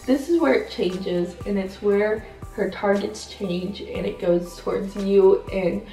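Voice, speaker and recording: A shy teenage girl co-hosting a casual sit-down chat, soft-spoken and hesitant, full of fillers. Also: medium pitch, slow. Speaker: channel co-host. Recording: roomy sound, mic at a distance, faint music.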